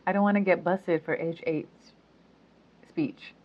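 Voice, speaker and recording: A woman with a low voice speaks at an unhurried pace in a loose, chatty monologue. She giggles often and fills pauses with ums and likes. The recording is dull and lo-fi. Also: fairly even intonation, a little mellow. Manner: chatty, giggly, many fillers. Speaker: spiritual speaker. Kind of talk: casual monologue to camera. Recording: dull lo-fi sound.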